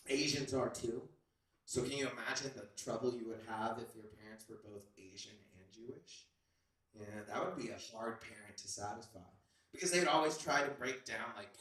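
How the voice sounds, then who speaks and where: A man doing a rambling open-mic stand-up set with slangy talk and sudden shouted bits, from a club stage. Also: mid-range voice, heavy reverb, distant mic, low-quality recording. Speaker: stand-up comedian.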